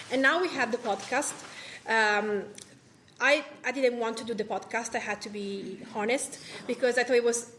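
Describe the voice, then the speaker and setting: A woman's voice: fairly high pitch, a bit bright, slight background noise. A woman from Italy with an Italian accent, a food writer and podcast host talking on a live panel, chatty, with many fillers and restarts. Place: cultural association event room.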